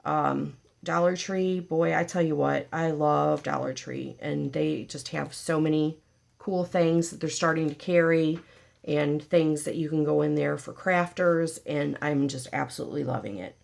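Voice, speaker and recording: A woman's voice: low voice, steady tone, a little slow, vocal fry, a little mellow. A woman hosting a casual paper craft tutorial, chatty and joking with her viewers as she works. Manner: chatty, jokey, talks to viewers while working.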